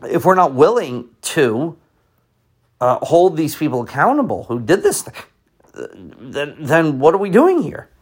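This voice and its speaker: A man's voice: a little high, sing-song, measured pace, slightly rough. A middle-aged American man who teaches, giving an impassioned, rambling opinion monologue full of restarts and fillers. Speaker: teacher and podcast host.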